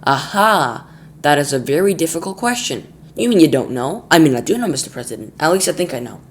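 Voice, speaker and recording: A man doing a fawning falsetto spy. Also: very animated, brisk, a little hiss or hum. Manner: fawning, eager to please. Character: nervous twitchy male chief spy with falsetto.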